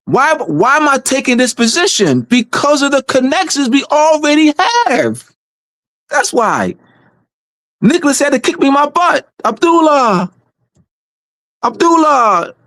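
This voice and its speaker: A community organizer hosting a meeting in unscripted livestream talk, emphatic and repetitive, often stumbling and restarting, moving between low, calm delivery and raised, shouting emphasis. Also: dry recording, clean studio sound.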